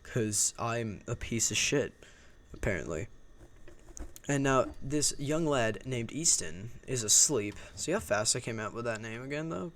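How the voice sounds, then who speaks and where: Young man, casual storytime vlog, profane and rambling, mid-pitched voice. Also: animated, a little slow, a bit bright.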